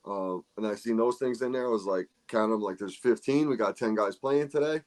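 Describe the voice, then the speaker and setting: A man with a lowish voice tells golf stories on a casual podcast. He talks with animated energy and swears freely, acting out what other people said. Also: a little fast. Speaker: podcast host. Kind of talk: casual chat.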